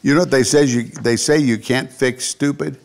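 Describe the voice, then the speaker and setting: A man's voice: mid-range voice, steady tone, normal speed, darkish tone. A man hosting a country variety show, telling jokes and stories in a folksy, casual way. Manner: folksy joking storyteller. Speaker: show host. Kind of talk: casual storytelling chat.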